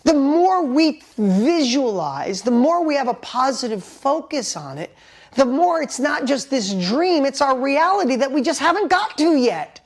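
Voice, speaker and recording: A man coaching a live online workshop, talking in an energetic, emphatic way and reading viewers' messages aloud. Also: very high-pitched, unhurried. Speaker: motivational coach.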